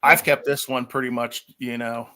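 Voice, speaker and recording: An eager man talking gear on a live online show, tripping over his words as he hurries to explain. His voice sits at an ordinary pitch, and his delivery is loose and unpolished. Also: little pitch movement, normal speed, bright, forceful tone. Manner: enthusiastic, rambling with many restarts. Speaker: guest from a magnet fishing gear maker. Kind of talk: casual livestream chat.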